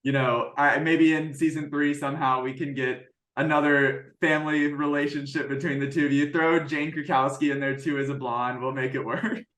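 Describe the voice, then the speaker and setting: Eager male interviewer, slightly higher voice, recorded with room echo. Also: little pitch movement, normal speed, hardly any pauses, a bit bright. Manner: enthusiastic, rambling questions. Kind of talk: casual interview questions. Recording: roomy echo.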